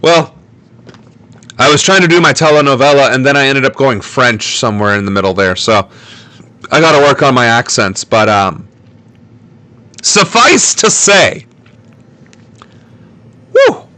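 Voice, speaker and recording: A man's voice: mid-range voice, moderate pace, sharp tone, no room sound. A man hosting a political livestream in a sarcastic, joking, self-mocking way. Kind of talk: casual livestream commentary.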